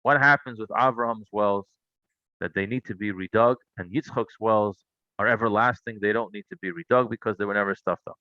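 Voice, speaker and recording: A man's voice: lowish voice, brisk, dry recording, lo-fi sound. A man teaching a Torah class, telling stories and asking rhetorical questions. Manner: animated storytelling, asks rhetorical questions.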